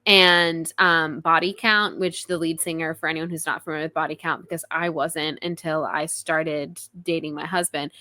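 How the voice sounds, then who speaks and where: A young woman co-hosting a podcast, chatting casually in rambling stories with quick self-deprecating asides. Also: low-pitched, sharp tone, dry recording. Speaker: podcast co-host.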